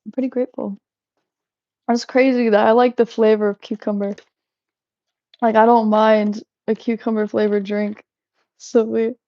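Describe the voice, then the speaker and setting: A young woman rambles through a casual live-stream chat, giggling, restarting her sentences and drifting between thoughts. Her voice sits a little high but sounds mellow and dark, with a gravelly fry at the ends of her phrases. The sound is dull and lo-fi, and the room is dry and close. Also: little pitch movement, normal speed, pauses often, no echo. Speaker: livestream host.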